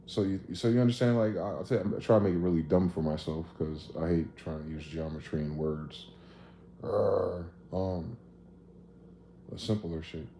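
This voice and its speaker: A man's voice: low-pitched, moderate pace. Man, livestream host, profane, acts out dialogue, roomy echo, faint hum behind. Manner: animated, profane, acts out both sides of conversations. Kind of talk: casual livestream monologue. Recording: echoey room with faint ambient noise.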